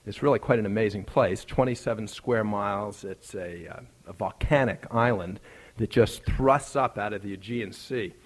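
A man's voice: on the low side, normal speed. A male preacher telling a personal story in a conversational sermon, building up to emphatic, rising lines.

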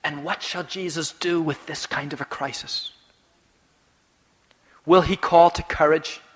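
A man preaching a sermon, rising to loud emphatic peaks and dropping to hushed, low phrases. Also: fairly even intonation, unhurried, long reverb tail.

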